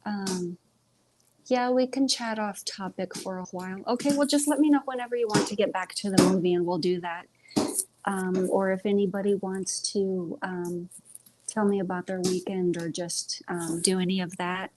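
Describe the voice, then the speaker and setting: A woman hosts a casual live stream from home, talking into earbuds and chatting loosely while she rambles and trips over her words. Her mid-range voice is a little mellow, with fairly even intonation and a moderate pace. The recording is low quality, with slight background noise.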